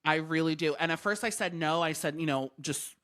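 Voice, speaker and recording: Bright-voiced man hosting a podcast. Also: on the high side, brisk. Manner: emphatic, repeats points for stress. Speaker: podcast host. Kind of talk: casual podcast chat.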